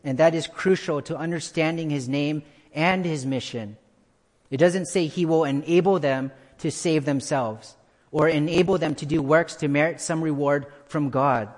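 A pastor preaching a sermon to his church, repeating key phrases for emphasis and slowing down to stress them. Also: on the high side. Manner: slows down for emphasis. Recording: long hall reverb.

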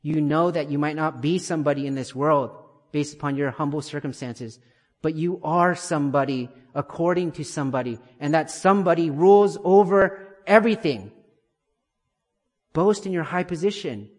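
A man preaching an expository sermon, emphatic and building to forceful declarations. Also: on the high side, moderate pace, long reverb tail.

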